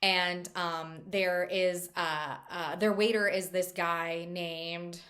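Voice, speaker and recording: A bubbly woman giving a casual book review, chatty and loose with plenty of filler words. Her voice is bright and sharp. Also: lowish voice, fairly even intonation, takes it slowly.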